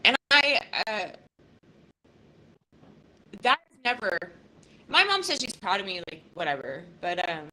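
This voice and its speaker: Podcast host, woman in her fifties, bright and tense, blunt and swearing, emotional. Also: mid-range voice, sing-song, a little slow, long pauses, rough recording. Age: 50s. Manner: raw, emotional and profane, with many restarts. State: close to tears. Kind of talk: casual live podcast talk.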